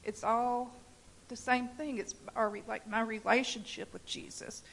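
A woman giving a personal testimony at a church service, telling her story in an animated way and laughing at times. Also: a little high, unhurried, vocal fry, poor audio. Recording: faint hiss.

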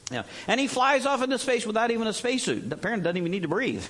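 A man's voice: high voice, lively intonation, fast, a bit bright. A middle-aged man preaching a sermon in a plain conversational way, joking and sometimes mimicking others in exaggerated bursts. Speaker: pastor.

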